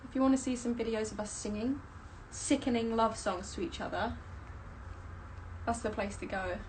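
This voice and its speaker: Chatty young woman, a bit high. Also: steady tone, normal speed, a little hiss or hum, poor audio. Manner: chatty, rambling, many fillers. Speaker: stage performer. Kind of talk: casual live-stream chat.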